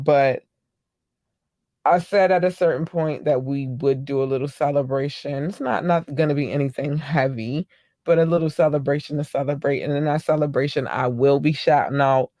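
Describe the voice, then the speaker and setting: A woman's voice: rumbling low, no echo, clean studio sound. A woman hosting her own podcast in a casual solo chat, gushing thanks and love to her listeners with lots of ums and slang. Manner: effusive, gushing shout-outs to listeners; chatty with frequent ums and slang. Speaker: podcast host.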